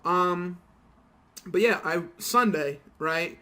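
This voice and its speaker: A man's voice: high-pitched, takes it slowly, bright, forceful tone. A young man telling a rambling, profane story while commenting on his gameplay. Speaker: gaming YouTuber.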